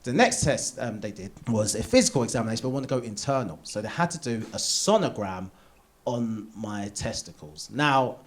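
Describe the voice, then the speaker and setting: A man's voice: medium pitch, a little fast. A man in his thirties doing a stand-up comedy routine on a theatre stage, telling a personal story and acting out the people in it. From England. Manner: animated storytelling, acts out doctor and himself in quotes. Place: theatre stage before a live audience.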